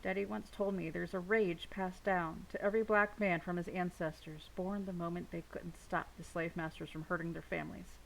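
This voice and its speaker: A woman reads a novel aloud in a steady first-person narrating voice. Her tone has a noticeable gravelly grain, and a faint hiss sits under the recording. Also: lowish voice, normal speed, hardly any pauses, rough recording. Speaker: audiobook reader.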